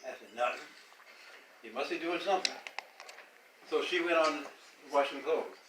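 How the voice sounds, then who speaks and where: A man's voice: on the high side, moderate pace, noisy background. An older man from the American South telling a family story casually, rambling and repeating words, often laughing as he talks. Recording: echoey room, distant mic, loud music behind.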